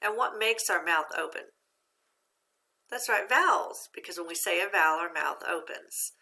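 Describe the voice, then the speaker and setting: Bright, gravelly-voiced woman teacher. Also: fairly low pitch, normal speed. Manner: patient, encouraging, asks and answers its own questions. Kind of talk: phonics lesson for young students.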